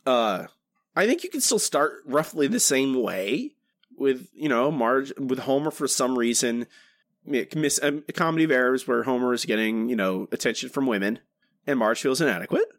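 A man's voice: mid-range voice, moderate pace, dry recording, clean studio sound. A man co-hosting a podcast, talking casually and rambling with frequent restarts. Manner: rambling, many restarts, animated. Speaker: podcast co-host.

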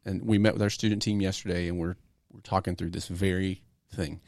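A man co-hosting a youth ministry podcast, telling stories in a relaxed casual chat. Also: sits low, fairly quick, no echo, clean studio sound. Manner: relaxed storytelling, easy laughs. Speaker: podcast co-host, youth pastor.

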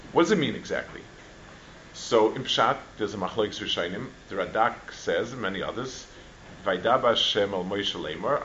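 A man giving a Torah class, talking in halting runs with many restarts and Hebrew and Yiddish terms mixed in. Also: on the low side, a bit bright, muffled recording, slight background noise. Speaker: Torah teacher.

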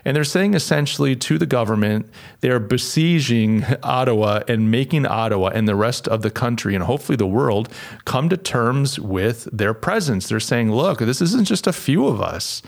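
A man with a gravelly, rough-edged voice at a middle pitch delivers solo podcast commentary as the host. He leans on sarcastic, mocking asides as he talks. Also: moderate pace.

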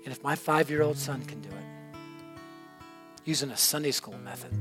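A middle-aged male preacher telling a story in a sermon, energetic and animated, swinging from loud to hushed. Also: mid-range voice, normal speed, pauses often, music in the background. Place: church room.

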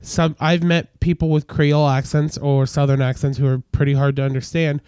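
A man co-hosting a casual chat, agreeable and quick to laugh. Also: fairly high pitch, little pitch movement, dark tone, smooth, no echo. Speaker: podcast co-host.

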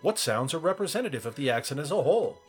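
A man co-hosting a casual comedy podcast, profane and animated, reading text aloud in between jokes. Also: a little high, fast, husky, soft background music. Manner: profane, animated, swears often.

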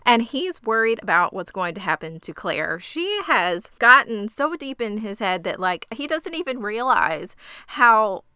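A woman's voice: on the high side, big pitch swings, measured pace, pushed and bright, clear, resonant tone, no room sound. A woman co-hosting a casual recap podcast, telling the story in a wry, conversational way on a close mic. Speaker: podcast co-host.

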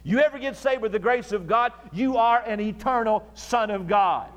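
A man preaching a sermon as pastor, stressing key words slowly and emphatically, recorded in a church. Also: sits high, a bit bright. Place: church sanctuary. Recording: archival church recording with long reverb.

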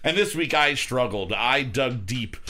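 A man's voice: medium pitch, animated, measured pace, bright, forceful tone. A man hosting a casual podcast, joking and rambling while reviewing a beer. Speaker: podcast host. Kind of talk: casual chat.

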